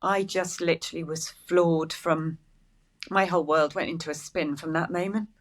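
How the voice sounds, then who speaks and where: Tearful older woman, low voice. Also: steady tone. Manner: emotional, candid, halting. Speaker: guest. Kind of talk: interview.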